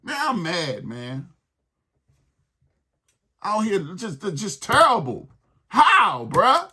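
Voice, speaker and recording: A man's voice: high voice, wildly swooping pitch, very slow, pushed and bright, slightly rough. A man hosting a sports podcast, ranting in a heated, exasperated way and repeating his points.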